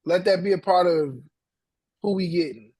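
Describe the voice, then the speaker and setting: A man talking as a life coach in casual, slangy, animated chat, repeating himself and acting out voices. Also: high-pitched, moderate pace, breathy edge.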